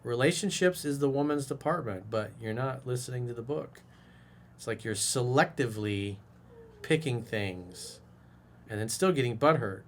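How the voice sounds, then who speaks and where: Guy dating coach going off, blunt and sweary, calls you dude and bro, mid-pitch voice. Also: expressive, normal speed, slight background noise. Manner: blunt and profane, scolding; casual bro-talk, direct address. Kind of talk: advice monologue reacting to a viewer's message.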